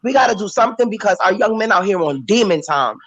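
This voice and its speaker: Woman caller, preachy and animated, choked up, dry sound. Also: mid-range voice, quick pace, dry recording, dull audio. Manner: emphatic, animated, switches into character voices. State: tearful, emotional. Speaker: caller on a talk panel. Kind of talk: casual talk, preachy and emotional.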